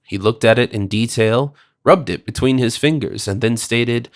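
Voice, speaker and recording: A man's voice: medium pitch, normal speed, few pauses. A man giving formal, scripted first-person narration of a period mystery audiobook.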